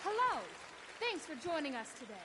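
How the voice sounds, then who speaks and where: An actress voicing a young ragtime stage singer who chats to the crowd and sings a song. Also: female voice, very high-pitched, big pitch swings, moderate pace, noisy background. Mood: chatty. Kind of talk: period stage song and patter. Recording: game audio with loud music.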